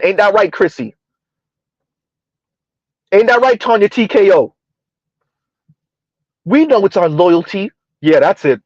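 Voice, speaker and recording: High-voiced man mocking in rhetorical questions. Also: lively intonation, takes it slowly, long pauses, no echo, lo-fi sound. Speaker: commentary video host. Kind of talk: reaction commentary.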